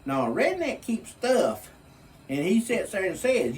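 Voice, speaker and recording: A man's voice: high-pitched, wildly swooping pitch, a little slow, recorded from a distance, a little hiss or hum. A man with a Southern US accent, talking in a casual, folksy, emphatic monologue. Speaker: vlogger.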